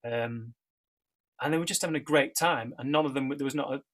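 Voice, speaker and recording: Middle-aged guy rambling through his story, lots of ums and restarts, ordinary pitch. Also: fairly quick, fairly bright tone. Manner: chatty, rambling, with many fillers and restarts. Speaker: church member sharing his story. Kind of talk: casual personal testimony.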